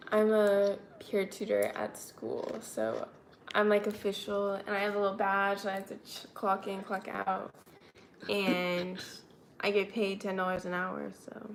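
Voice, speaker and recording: A woman's voice: mid-range voice, slow, sharp tone, slight background noise. A young woman chatting casually with her mother, laid-back and giving short answers. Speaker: co-host daughter. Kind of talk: casual chat.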